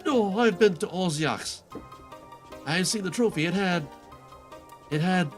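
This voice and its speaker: Man voicing an exasperated adventurer, sarcastic, deadpan corrections, game fan voice-over. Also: sits high, a little slow, soft background music.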